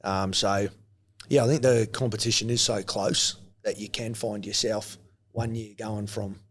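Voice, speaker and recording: Low-voiced man from New Zealand, Australian-tinged accent, relaxed and halting interview guest. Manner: relaxed, hesitant with frequent ums and restarts. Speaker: guest, former rugby league player. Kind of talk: casual interview.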